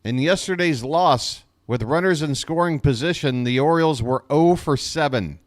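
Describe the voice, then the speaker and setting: A man doing live fan play-by-play of a baseball game, exasperated and sarcastic, with jokey asides between pitches. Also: normal speed, few pauses. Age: adult.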